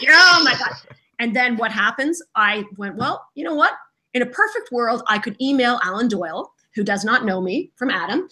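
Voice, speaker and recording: Lively woman guest, bright high voice, acts out every quote. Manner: animated storyteller, acts out quotes. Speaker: voice actress guest. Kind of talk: casual interview chat.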